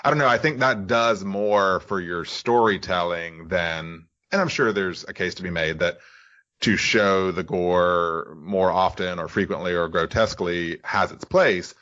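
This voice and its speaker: A man with a very low, forceful and bright voice co-hosts a podcast interview. He talks at length, hedging with "you know". The audio is slightly lo-fi and dull. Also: unhurried. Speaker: podcast co-host.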